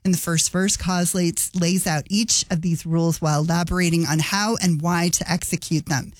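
A woman's voice: fairly low pitch, steady tone, moderate pace, dry recording. A woman radio host narrating a scripted feature, chatty and adding light asides. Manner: conversational, adds light asides.

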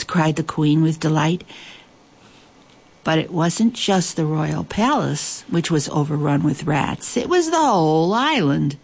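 A woman reading a children's story aloud in a lively, expressive way, with playful asides. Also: low-pitched, unhurried, gravelly, husky.

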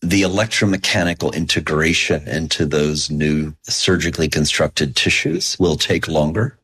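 Very deep husky-voiced male researcher. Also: steady tone, fairly bright tone. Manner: measured, explanatory. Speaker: researcher guest. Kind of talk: interview answers.

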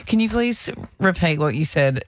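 A woman's voice: fairly low pitch, expressive, normal speed, no room sound. A woman hosting a radio show, teasing and giggly in banter. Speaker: radio host.

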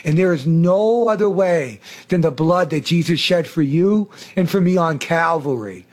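High-voiced man preaching fervently. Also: animated, normal speed. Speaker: host, preacher. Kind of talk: preaching, faith talk show.

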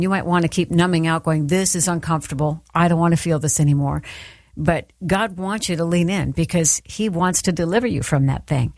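A middle-aged woman giving an earnest, encouraging devotional talk to her listeners, with soft emphatic pauses. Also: lowish voice, no room sound, studio quality. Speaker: Christian speaker.

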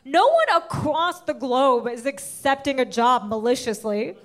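A woman doing a stand-up comedy set, loud and punchy, often laughing at her own jokes. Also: high voice, very animated, a little slow. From United States.

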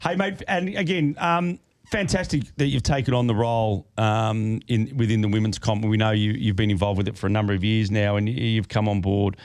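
Matey host, rambling chatty delivery, fairly low voice, dry sound. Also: male voice, fairly even intonation, brisk, hardly any pauses, darkish tone, dry recording. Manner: chatty, filler-heavy, matey. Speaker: sports show host. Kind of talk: casual radio chat.

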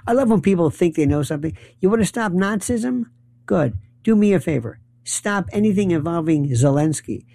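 A man with a high, animated voice, creaky yet mellow, speaks at normal speed with no echo. His political monologue is heated and impassioned, full of rhetorical questions, and he rambles while often searching for names.

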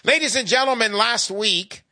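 A man's voice: extremely high pitch, moderate pace, no echo, studio quality. Chatty older man hosting call-in radio. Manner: animated, chatty, self-deprecating. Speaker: radio show host.

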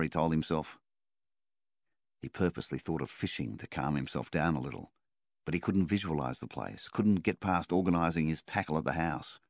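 Male narrator, extremely low voice, measured audiobook read, dry booth. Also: no echo.

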